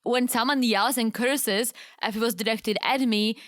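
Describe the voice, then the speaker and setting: A woman co-hosting a podcast, recapping a reality show in animated, exclaiming casual chat. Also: fairly high pitch, moderate pace, no echo, clean studio sound. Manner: animated and exclaiming, laughs often. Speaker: podcast co-host.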